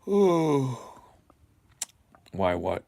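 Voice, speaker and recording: Eating on a casual livestream, this man speaks extremely slowly in a warm, medium-pitched voice with big pitch swings. He rambles, reading viewer comments and chuckling along.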